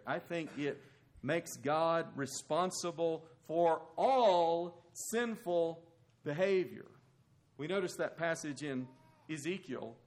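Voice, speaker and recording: A man preaching a sermon in an emphatic way, rising loud and high and dropping low and quiet.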